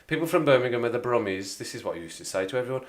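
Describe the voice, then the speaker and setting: Speaking in a Black Country English accent, this man from that part of England hosts a livestream, chatting casually with his live chat, rambling and going over the same points again. His mid-range voice is animated and racing.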